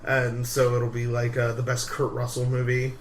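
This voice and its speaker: A man's voice: medium pitch, completely flat delivery, normal speed, a little hiss or hum. A young man co-hosting a podcast, chatting casually with frequent laughs and rambling fillers. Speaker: podcast co-host. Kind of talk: casual banter.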